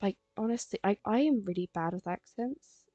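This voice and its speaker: A woman's voice: medium pitch, normal speed, warm tone, no room sound, lo-fi sound. A teenage girl from England, rambling casually on a live stream while she draws, full of fillers. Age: teens. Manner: rambling, chatty, frequent fillers. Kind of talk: casual chat while drawing.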